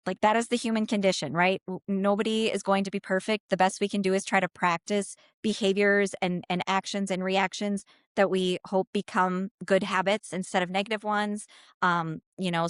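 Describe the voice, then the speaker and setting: A woman with a Minnesota accent, a guest on a podcast, talking in a lively casual way with lots of "like" and "you know". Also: mid-range voice, clean tone, no room sound, clean studio sound. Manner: animated, talks with her hands in words, lots of "like" and "you know".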